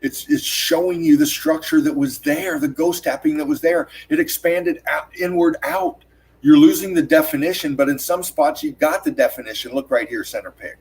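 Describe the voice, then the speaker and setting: A man's voice: wildly swooping pitch, vocal fry, darkish tone. A man hosting his own channel, urgently narrating over on-screen footage, swearing often and repeating his words as he points out details to his viewers. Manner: urgent, profane, repeats "look at this" constantly; rapid emphatic pointing words like "bam" and "boom". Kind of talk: excited on-screen analysis commentary.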